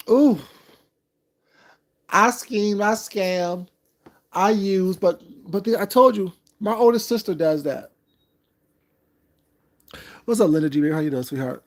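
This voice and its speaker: A man's voice: high-pitched, slow, long pauses. Man, sassy livestream commentator, drawls, calls everyone baby.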